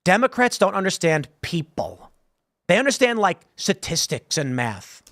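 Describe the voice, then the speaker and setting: A man hosting an animated political commentary show, blunt and conversational, with a sarcastic edge. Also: high voice, moderate pace, dry recording. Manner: sarcastic, mocks canvassers with impressions.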